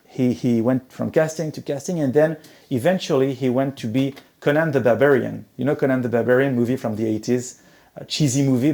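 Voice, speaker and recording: A man's voice: mid-range voice, warm tone. A middle-aged man gives a motivational conference talk, often stumbling and repeating words as he goes. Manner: hesitant, many repeated words and restarts. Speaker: conference speaker.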